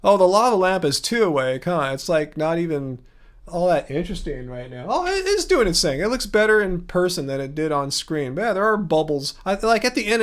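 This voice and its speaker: A man hosting a livestream in casual chat, rambling and chuckling often as he answers viewers. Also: fairly high pitch. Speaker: livestream host.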